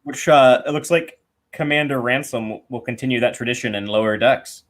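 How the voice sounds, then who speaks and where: A man co-hosting a casual fan commentary podcast, relaxed and explaining at length. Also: medium pitch, a little fast. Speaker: podcast co-host.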